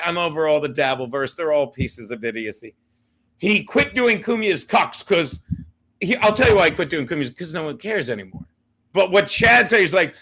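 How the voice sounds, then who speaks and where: A man's voice: high-pitched, pushed and bright. A man hosting a casual livestream chat, bantering in a brash, profane way and laughing often. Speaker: host.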